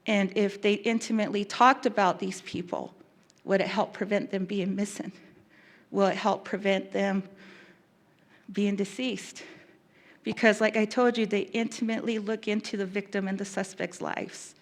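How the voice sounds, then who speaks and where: A woman who works as a victim specialist giving an earnest, emotional talk, pausing and restarting as she goes. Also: mid-range voice, steady tone. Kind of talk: public talk.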